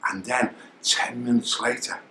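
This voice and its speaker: An older man, the founder of a coaching academy, giving an energetic motivational coaching talk that hammers home its key phrases. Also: mid-range voice, a little slow, a little hiss or hum. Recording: roomy echo.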